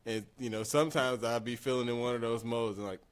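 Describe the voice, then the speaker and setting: A laid-back man chats as a guest on a podcast. He jokes easily in a mid-pitched, everyday voice. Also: steady tone, fast, smooth. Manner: laid-back, joking, laughs often. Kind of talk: casual podcast chat.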